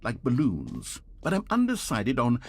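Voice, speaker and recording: A man's voice: medium pitch, huge pitch swings, unhurried, vocal fry, breathy edge, full character voice. A man voicing a smug, sarcastic video game narrator with dry, mock-grand delivery.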